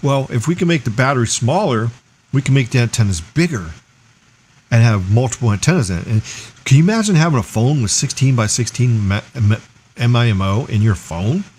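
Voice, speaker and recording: Energetic man hosting a tech livestream. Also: medium pitch, brisk, a little hiss or hum. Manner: energetic, explaining, asks rhetorical questions. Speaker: livestream host. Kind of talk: casual tech livestream talk.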